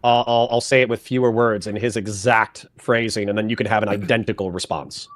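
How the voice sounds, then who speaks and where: A man's voice: on the low side, fairly even intonation, a little fast, no echo. A man hosting a debate discussion, talking in a wry, casual way with occasional swearing.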